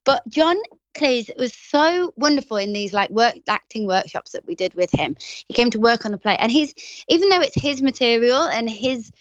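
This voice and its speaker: A woman's voice: on the high side, lively intonation, moderate pace, no room sound, dull audio. A woman in her thirties with a Grimsby English accent, an actress chatting effusively in an interview, full of restarts and "like". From England. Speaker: stage actress guest. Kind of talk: casual interview chat.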